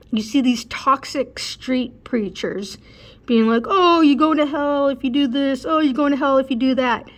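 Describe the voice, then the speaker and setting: A woman sharing spiritual thoughts in a casual, earnest way, repeating phrases and using fillers like "um" and "you know.". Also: a little high. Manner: mimics preachers in a raised, heated voice. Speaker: spiritual vlogger. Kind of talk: casual spoken reflection to camera.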